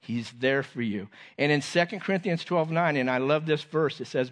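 Earnest man preaching, soft-falling lines. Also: a little high, moderate pace, few pauses. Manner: earnest, repeats phrases, drops softly at ends of lines. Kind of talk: sermon.

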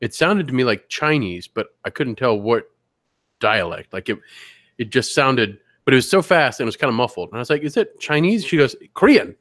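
Lively man telling casual stories. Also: mid-range voice, a little fast, no room sound, clean studio sound. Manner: animated storyteller, mimics voices in anecdotes. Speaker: podcast co-host. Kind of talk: casual chat.

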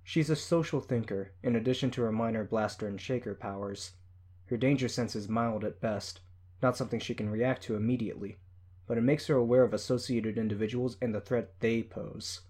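A man's voice: medium pitch, steady tone, fairly quick, a little mellow, lightly acted. A man voicing a firm, commanding female team leader. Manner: firm, tight.

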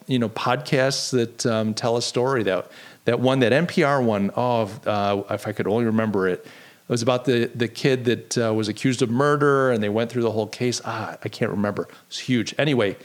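A man hosting a solo podcast, talking in an earnest, conversational way with frequent restarts. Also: mid-range voice. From United States. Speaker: podcast host.

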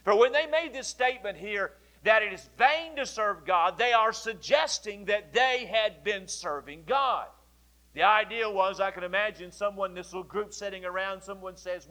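A male pastor preaching a sermon, explaining scripture in a deliberate way and repeating key phrases. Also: high voice, sharp tone.

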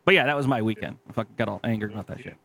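A man co-hosting a podcast, telling stories in casual chat with lots of swearing and a self-deprecating, animated manner. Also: fairly low pitch, racing, gravelly, a crowd in the background. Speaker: podcast co-host.

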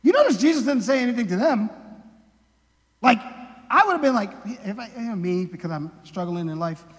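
A man's voice: sits high, animated, a little fast. A male preacher giving an informal, conversational sermon, thinking aloud with restarts and sudden bursts of emphasis. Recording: long hall reverb.

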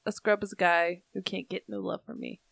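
A woman co-hosting a casual true-crime podcast, firing off wisecracks and quick comebacks. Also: medium pitch, fairly even intonation, creaky, a bit bright, no room sound. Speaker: podcast co-host.

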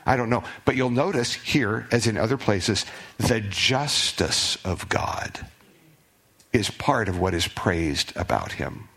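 A man's voice: lowish voice, lively intonation, moderate pace, vocal fry, hardly any pauses, a bit bright, breathy edge. A man pastor preaching a sermon in a church, talking plainly with the congregation and lifting his voice when he reads scripture aloud. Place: church sanctuary.

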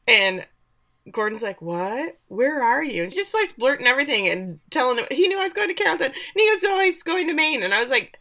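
Woman, co-host, sarcastic, blunt, slightly high, bright. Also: lively intonation, fast. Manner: sarcastic, blunt, swears casually. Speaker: podcast co-host. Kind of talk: casual recap chat.

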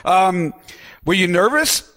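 A male podcast host talks in a relaxed, chatty way and keeps the guest going with follow-up questions. His voice sits a bit higher than most men's. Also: slow pace. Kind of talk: casual interview chat.

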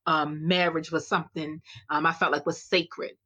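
A woman guest telling her faith story in an animated way, acting out the dialogue she recounts. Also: deep voice, normal speed. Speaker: guest, clothing line founder. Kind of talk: faith-filled personal testimony.

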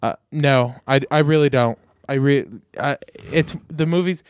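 A man's voice: mid-range voice, a little slow, clear, resonant tone, no echo, clean studio sound. A man co-hosting a casual podcast, joking and reading stories aloud. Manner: joking, reads articles aloud. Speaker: podcast co-host. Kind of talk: casual chat.

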